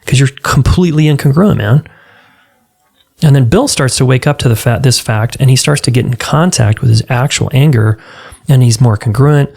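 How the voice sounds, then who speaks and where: Male podcast host, relationship coach, earnest and conversational, some vocal fry. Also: mid-range voice, a little mellow. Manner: earnest, conversational, acts out client dialogue. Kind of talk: solo podcast talk.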